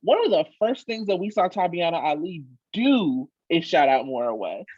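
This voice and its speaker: A husky-voiced woman co-hosts a casual chat with a swinging, animated delivery. She talks emphatically and swears freely, and the sound is dry and slightly muffled. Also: fairly low pitch, normal speed, no room sound. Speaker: podcast co-host.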